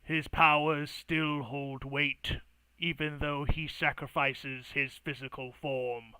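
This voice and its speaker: A man plays a composed noble who argues with slow, measured calm. The voice is bright and clear, recorded dry and close. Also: on the high side, no room sound, full character voice, poor audio. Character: measured, diplomatic male noble.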